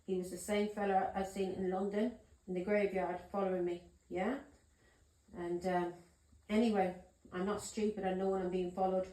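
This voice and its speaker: A woman's voice: mid-range voice, flat delivery, moderate pace, dark tone. A woman tarot reader telling a story to camera in a casual way. She is emphatic, swears and keeps checking in with her listeners. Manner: emphatic, swears, keeps asking "yeah?" and "do you understand me?". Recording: roomy echoey room.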